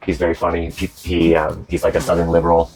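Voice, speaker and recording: Hosting a casual chat reacting to comedy clips, a man rambles with many restarts, swearing and laughing. He talks fast in a low, monotone voice with a darkish tone.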